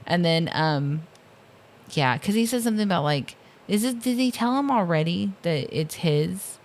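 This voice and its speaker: A woman's voice: on the low side, animated, normal speed. A woman co-hosting a casual film podcast, recapping scenes with lots of laughter and ums, quoting lines in mock voices. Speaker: podcast co-host.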